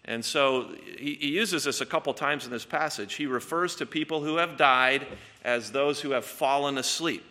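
A man delivers an expository sermon with earnest emphasis, doubling back on words as he presses each point. His voice is bright and sharp, in a hall with a long reverb tail. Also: medium pitch, moderate pace. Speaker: pastor.

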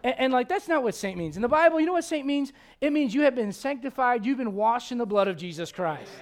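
A man in his forties preaching a sermon in a church, animated and joking with the congregation between Bible readings. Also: very high voice, fast. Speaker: pastor.

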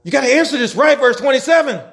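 A man preaching a sermon as pastor, swinging between shouted scripture and quiet, quick asides, repeating key lines for his congregation. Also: extremely high pitch, lively intonation. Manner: repetitive, call-and-response preaching. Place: church with congregation.

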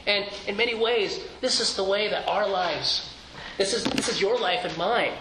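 A man's voice: high voice, normal speed. A man pastor preaching a sermon in an earnest, conversational way, asking rhetorical questions and restarting his phrases. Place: church sanctuary. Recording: echoey church room, faint noise.

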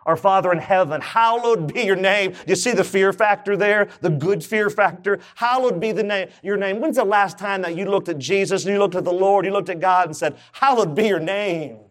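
Man, pastor, sermon, emphatic, comic asides, slightly high voice. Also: normal speed, hardly any pauses. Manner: emphatic preaching with comic asides and sudden rises in pitch.

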